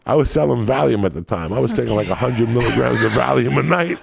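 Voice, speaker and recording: A man's voice: medium pitch, expressive, quick pace, creaky, over a noisy crowd. A man, a stand-up comedian, telling crude, profane stories on a podcast and laughing at his own jokes.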